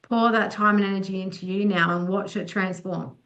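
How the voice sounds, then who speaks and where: A woman's voice: mid-range voice, steady tone, brisk, fairly bright tone, poor audio. A young woman leading a breathwork session on a video call, earnest and affirming, voice a little worn from losing it. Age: young adult. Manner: earnest, affirming, many restarts. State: losing her voice. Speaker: breathwork facilitator. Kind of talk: online group session talk.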